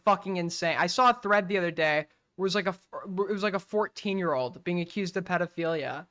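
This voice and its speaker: Young male host, casual reaction commentary, blunt and profane, slightly high, bright and forceful tone. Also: fast talker, smooth. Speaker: streamer host.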